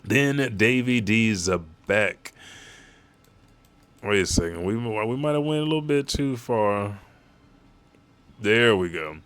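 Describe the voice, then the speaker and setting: A young adult man with a lowish voice narrates a manga chapter live. He reacts as he goes, with casual, profane, excitable fan commentary between panels. The delivery is loose and conversational. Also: slow, pauses often, clean tone, no echo.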